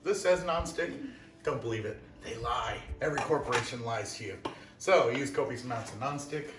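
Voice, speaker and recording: A man's voice: mid-range voice, moderate pace, noisy background. A man hosting a casual cooking show at home, cracking jokes and laughing often as he works. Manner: jokey, laughs often, self-mocking asides. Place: home kitchen. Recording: roomy kitchen echo, mic far off.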